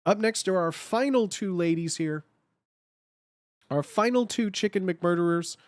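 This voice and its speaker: A man's voice: sits high, a little slow, no echo. A man chatting casually on a live stream while he edits slides, thinking aloud and repeating his phrases.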